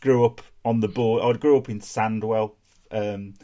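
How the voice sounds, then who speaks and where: A man's voice: on the low side, steady tone, measured pace, warm tone. A man with a Black Country accent hosting a podcast over a video call, chatting casually and laughing often. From England. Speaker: podcast host. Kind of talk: casual chat.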